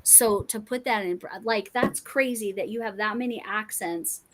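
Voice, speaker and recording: A woman from Colorado chats casually while she crafts on a livestream. Her mid-pitched voice sounds friendly and curious as she wonders aloud about words and places. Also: moderate pace, a little hiss or hum. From Colorado, USA. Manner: chatty and curious, musing aloud. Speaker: host.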